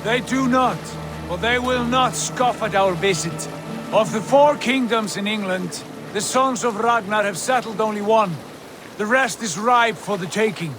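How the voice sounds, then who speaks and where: An actor playing a calm, authoritative Viking jarl who leads his crew in a video game. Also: high-pitched, over music. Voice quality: measured, authoritative. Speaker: jarl leading a landing party.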